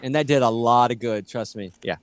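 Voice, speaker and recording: A man in his fifties co-hosting a casual chat, talking in a rambling, halting way. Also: mid-range voice, smooth, no room sound. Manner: rambling, halting, many fillers and restarts. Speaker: co-host.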